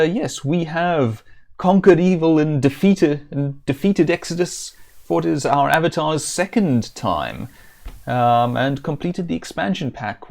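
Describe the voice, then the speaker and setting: Gravelly man chatting through a game. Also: on the high side, a little mellow. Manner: rambling, dry self-amused jokes. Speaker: streamer. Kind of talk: casual let's-play commentary.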